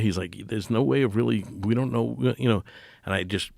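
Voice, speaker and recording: A middle-aged man talking as a podcast guest, earnest and halting, full of fillers and restarts. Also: mid-range voice, vocal fry, darkish tone, no room sound. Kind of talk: casual podcast conversation.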